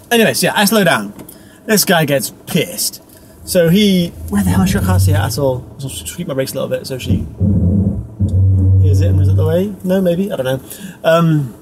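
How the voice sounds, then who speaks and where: A young man talks to camera while driving, loose and self-deprecating, with the odd casual swear. His voice sits a little high. Road and engine noise come through clearly in the car. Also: moderate pace, a little mellow, poor audio. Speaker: vlogger. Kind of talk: casual driving vlog monologue.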